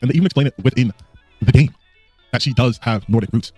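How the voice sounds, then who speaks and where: A man's voice: mid-range voice, quick pace, mellow, slightly rough, no echo, soft background music. A man giving casual reaction commentary, mocking and dismissive, full of filler words.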